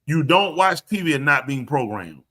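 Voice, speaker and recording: Animated man with a drawl. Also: on the high side, normal speed. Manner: animated, emphatic storyteller. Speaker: show host. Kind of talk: live show casual talk.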